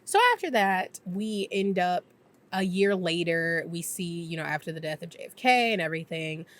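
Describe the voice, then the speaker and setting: A woman with a lowish, slightly bright voice runs through a TV episode for her YouTube channel. She talks casually and freely, fills gaps with filler words, and now and then breaks into a quick impression.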